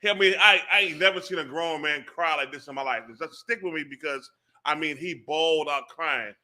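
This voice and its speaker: A man with a very bright, sharp, high-set voice recounts a story in loose, slangy talk. He gets emphatic and animated as he goes. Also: brisk. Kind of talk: casual storytelling.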